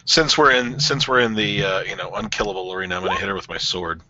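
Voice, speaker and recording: A man playing a tabletop game, talking casually and excitably, his voice jumping up when he asks things. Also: low voice, quick pace, lo-fi sound, a loud crowd. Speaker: player.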